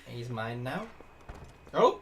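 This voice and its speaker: A woman's voice: very deep voice, very animated, takes it slowly, a little hiss or hum. A woman streaming a video game, chatting playfully and giggling between lines. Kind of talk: casual gameplay commentary.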